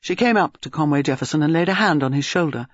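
A man narrating an audiobook in a lively, expressive reading. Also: on the high side, fast, dry recording. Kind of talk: scripted narration. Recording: dull lo-fi dry audio.

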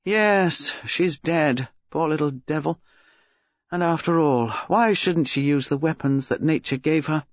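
A man playing a charming, outspoken, rather boastful gentleman with a dry, blunt way of talking. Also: a little high, a little slow, no room sound, natural voice. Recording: dull lo-fi recording.

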